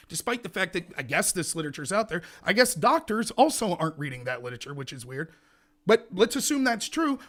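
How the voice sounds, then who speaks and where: A man hosting a heated call-in show, talking loudly and passionately. His voice sits high and he speeds through his points. He hammers the caller with the same questions again and again. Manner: loud, passionate, repetitive hectoring questions. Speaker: host.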